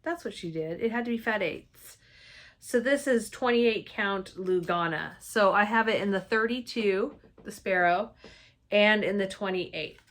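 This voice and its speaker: A woman's voice: mid-range voice, a little slow, a bit bright. Chatty woman showing off cross-stitch supplies. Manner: chatty and enthusiastic, gushing over colors. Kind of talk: casual show-and-tell chat.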